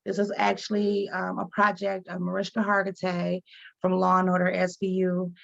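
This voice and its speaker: A woman's voice: on the low side, monotone, moderate pace, gravelly, a bit bright. A woman advocate, a guest from Detroit, telling her story candidly in an interview and acting out the voices she quotes. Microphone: video call. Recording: dull lo-fi video call audio.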